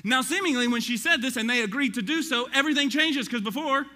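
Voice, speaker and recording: Excitable high-voiced man teaching Scripture. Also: fast talker, big-room sound. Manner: excitable, conversational, talks straight to the listeners. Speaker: Bible teacher. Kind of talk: animated Bible study teaching.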